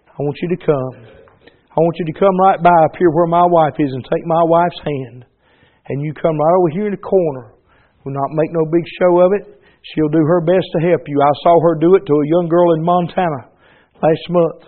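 A male preacher from North Carolina with a Southern accent, giving a fervent sermon and altar call that swings from loud exhortation to a hushed plea. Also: on the high side, brisk, narrow, tinny audio. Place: church service.

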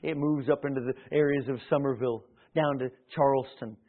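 A man's voice: medium pitch, steady tone, brisk. A man preaching a sermon as pastor, swelling in volume at times and often restarting his phrases. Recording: tinny phone-like sound.

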